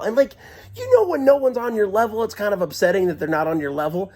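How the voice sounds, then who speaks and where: Excitable giggling man telling a story. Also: high-pitched, quick pace. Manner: excitable, giggling, shouts quoted lines. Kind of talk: comic personal storytelling. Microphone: handheld camera.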